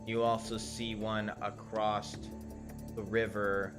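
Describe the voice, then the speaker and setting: Slow, halting game-master guy. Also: lowish voice, level tone, music in the background. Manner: halting, many fillers and restarts, casual profanity. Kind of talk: narrating a tabletop game.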